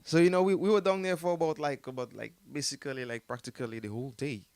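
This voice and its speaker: A man's voice: fairly high pitch, fairly even intonation, quick pace, darkish tone, smooth, no room sound. A man with a Jamaican accent telling a story in a casual interview, rambling with many fillers and frequent laughter. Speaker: artist telling his story as a guest.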